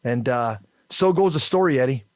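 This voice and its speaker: A man's voice: mid-range voice, expressive, no room sound. Guy on catholic radio telling a story, lots of uh's and restarts, dry studio sound. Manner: halting storyteller with many fillers and restarts. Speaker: radio show co-host.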